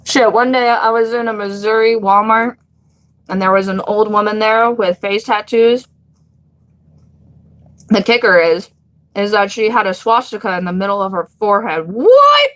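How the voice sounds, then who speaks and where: A woman's voice: medium pitch, fairly even intonation, moderate pace, pauses often, a bit bright. A young woman hosting a casual live stream, chatting bluntly with viewers, swearing freely and laughing often.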